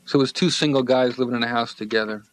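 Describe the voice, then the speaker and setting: A man's voice: medium pitch, steady tone, fast, no echo, natural voice. Guy doing brash comic on the couch, punchy slangy jokes, dry sound. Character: male stand-up comedian patient, joking. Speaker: patient. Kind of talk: stand-up routine.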